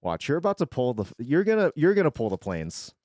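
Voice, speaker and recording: A man's voice: medium pitch, wildly swooping pitch, quick pace, darkish tone, dry recording. This man talks the way a streamer does while tearing open card packs, loose and joking, with the odd curse word and frequent stumbles over card names. His voice swings up and down a lot. It sounds close and dry. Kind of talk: casual chat while opening card packs.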